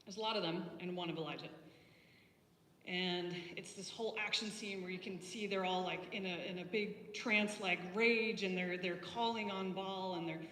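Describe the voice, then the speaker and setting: A woman with a lowish voice delivering a chatty, storytelling sermon, full of ums and false starts. She sounds a little distant from the mic, and her voice rings through a reverberant church hall with a faint hiss behind it. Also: steady tone, normal speed, bright, forceful tone. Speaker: preacher. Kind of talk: conversational sermon.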